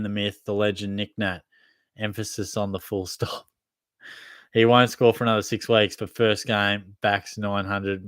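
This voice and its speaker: A man's voice: fairly low pitch, no echo. Laid-back Australian guy, dry close sound. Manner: laid-back and jokey, laughs often, swears casually. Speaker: fantasy footy livestream host. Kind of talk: casual live-stream Q&A, reading chat. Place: at home.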